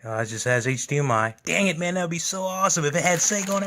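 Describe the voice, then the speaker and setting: A man's voice: medium pitch, expressive, fast, hardly any pauses, a bit bright, slight background noise. A man hosting a gaming channel, giving casual, enthusiastic unboxing commentary at home. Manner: enthusiastic, gushing.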